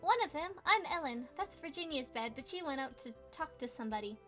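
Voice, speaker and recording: A woman's voice: high voice, expressive, a little fast, a bit bright, faint music behind. A woman voicing a friendly young female student roommate, chatty and light.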